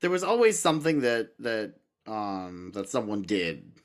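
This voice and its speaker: Male podcast guest, expressive pitch, quick to interject. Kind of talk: casual podcast chat.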